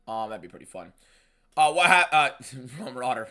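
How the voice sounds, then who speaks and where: A young man hosting a live fight watchalong, reading viewer messages aloud and talking in an emphatic, shouty way. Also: mid-range voice, animated, normal speed. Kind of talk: live stream chat and fight commentary.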